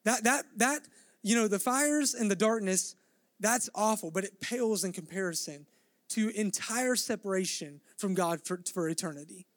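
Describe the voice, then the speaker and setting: A man's voice: sits high, normal speed, no room sound, studio quality. A male pastor preaching a midweek sermon, earnest and building in intensity, acting out the dialogue of scripture scenes.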